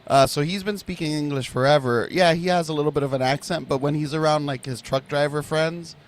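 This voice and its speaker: A man from Miami with a slight Hispanic Miami accent, chatting in a relaxed way. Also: fairly high pitch, fairly quick, a little hiss or hum. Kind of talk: casual chat.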